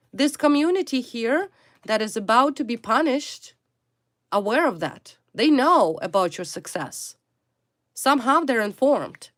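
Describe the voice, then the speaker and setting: A woman reading tarot straight to the viewer, talking emphatically and repeating single words, in non-native English phrasing. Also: sits high. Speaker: tarot reader.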